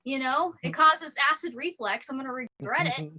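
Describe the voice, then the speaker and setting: A woman's voice: high-pitched, lively intonation, moderate pace, pushed and bright. A woman doing improvised stand-up comedy in a rambling, self-deprecating way, full of fillers and tangents. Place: theatre stage.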